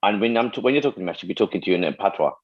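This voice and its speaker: Fast, lively man on a lo-fi recording. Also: on the low side, slightly rough. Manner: quick, questioning, restating points. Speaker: podcast co-host. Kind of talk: casual chat. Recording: dull, lo-fi sound.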